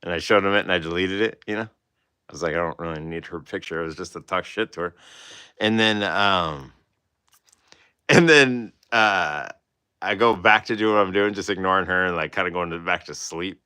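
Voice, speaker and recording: Rambling male streamer, bright tone, dry close sound, laughs often. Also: low voice, moderate pace, clean tone, no echo. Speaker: artist hosting a livestream. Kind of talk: casual storytelling.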